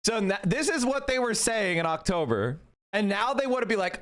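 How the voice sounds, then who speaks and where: A man's voice: high voice, big pitch swings, normal speed, fairly bright tone. A man talking on his own stream in a clip, arguing his points sarcastically. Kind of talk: casual stream commentary.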